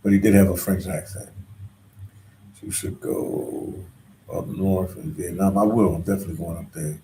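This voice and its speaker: A man's voice: deep voice, steady tone, moderate pace, warm tone, echoey room, slight background noise. A man talking to viewers on a casual live stream, slangy and rambling. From Philadelphia. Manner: slangy and rambling, full of "like" and "you know". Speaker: travel vlogger on a live stream.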